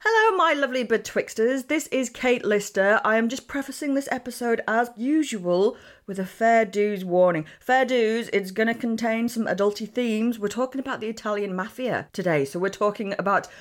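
A woman hosting a history podcast, telling the story in a playful, animated way. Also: fairly high pitch, normal speed, hardly any pauses. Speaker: podcast host. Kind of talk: chatty podcast narration.

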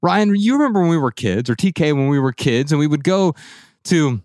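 With a fairly high voice and a brisk pace, a man with a Midwestern American accent trades stories as co-host of a laid-back podcast. The studio-quality audio has no echo, and he animatedly does playful impressions of the people in his stories.

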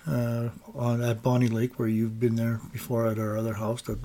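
A man's voice: medium pitch, normal speed. Older man recounting his life story. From Canada. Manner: steady, plain recounting with fillers. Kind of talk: interview storytelling.

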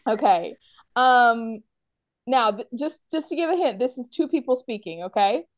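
A woman's voice: fairly high pitch, animated, moderate pace, no echo. A woman hosting a podcast quiz among friends, talking casually, laughing often and acting out quoted lines. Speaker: podcast host running a quiz. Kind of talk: casual chat between friends.

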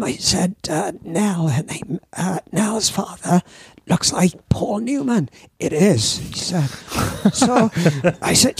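This older man from Wales, once a surfing champion and now a surf shop owner, has a high-pitched, gravelly, raspy voice and an unhurried delivery. The recording is dry, and in a casual interview he spins rambling stories full of lively asides.

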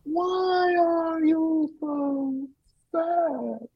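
A man voicing a gentle angel rising from the water, speaking slowly and softly. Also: gravelly, recorded from a distance, dull audio, heavily acted. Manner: slow, drawn-out, high and soothing.

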